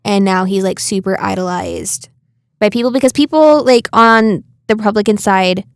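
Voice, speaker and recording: A young woman co-hosting a podcast, chatting casually and getting indignant in quick bursts. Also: medium pitch, big pitch swings, no echo, studio quality. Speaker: podcast co-host. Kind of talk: casual chat.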